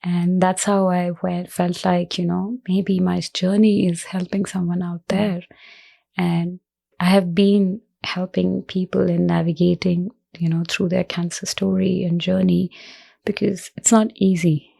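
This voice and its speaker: A woman guest in an interview, speaking earnestly and reflectively in halting phrases, emotional with her voice cracking at times. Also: fairly low pitch, level tone, vocal fry, warm tone. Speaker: guest, cancer survivor. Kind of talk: personal interview talk.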